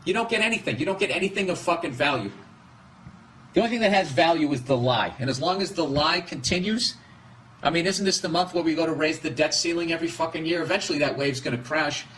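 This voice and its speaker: A middle-aged man hosts a podcast, ranting in a rambling, comedic way, profane and exasperated, constantly breaking off and restarting his sentences. His voice is a little high and sharp, he talks fast, and there's slight background noise.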